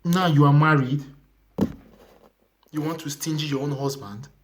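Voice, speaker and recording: A young man with a Nigerian accent preaching a sermon, earnest and repetitive, sometimes dropping to a hushed whisper. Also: a little high, fairly even intonation, a little slow, noisy background. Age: young adult.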